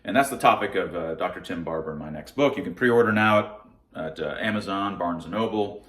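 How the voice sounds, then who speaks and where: A man's voice: sits low, brisk, a bit bright, reverberant. A man giving a casual science explainer monologue to camera, conversational and often restarting his words. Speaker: science vlogger.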